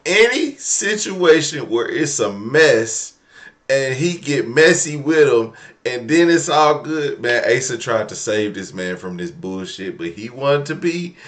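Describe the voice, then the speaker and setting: A man's voice: mid-range voice, expressive, a little slow, a bit bright. A man chiming in with easygoing, slangy casual chat.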